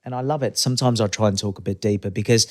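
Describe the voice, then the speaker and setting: A man's voice: fairly low pitch, very fast. A man in his fifties with an Australian accent, chatting as a guest in an interview and acting out voices in his stories. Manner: animated, acts out quoted voices in anecdotes. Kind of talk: casual interview chat.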